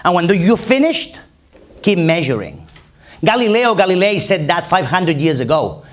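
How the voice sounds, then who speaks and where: In a conference hall, a Spanish-accented conference speaker from Barcelona, Spain gives an emphatic keynote, using repetition to rally the crowd. He speaks at a moderate pace in a high-pitched voice with big pitch swings.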